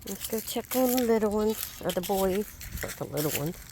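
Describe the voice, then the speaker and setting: A woman's voice: medium pitch, expressive, moderate pace, noisy background. A woman, filming outdoors on her backyard farm and chatting affectionately to her animals in a casual baby-talk manner.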